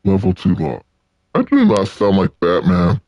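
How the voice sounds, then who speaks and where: A man's voice: low voice, wildly swooping pitch, unhurried, a little mellow, no echo, lo-fi sound. A man giving joking, casual commentary while playing a video game. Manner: joking, laughs at himself. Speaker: let's play gamer.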